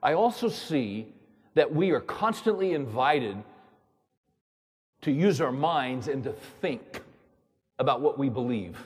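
In a big hall with long reverb, a male pastor preaches slowly in a husky, expressive mid-range voice with long pauses. He repeats words emphatically and keeps firing rhetorical questions at his congregation.

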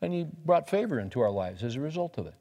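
A man's voice: mid-range voice, big pitch swings, quick pace, dark tone, dull audio. A man preaching a sermon in a folksy, conversational way, reading scripture and talking plainly to the congregation. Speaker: pastor. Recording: reverberant hall recording.

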